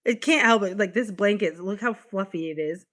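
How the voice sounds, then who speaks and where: A woman's voice: mid-range voice, normal speed, fairly bright tone. Young woman, casual livestream chat, laughs a lot, swears casually, chatty. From Boston, USA. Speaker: livestream host.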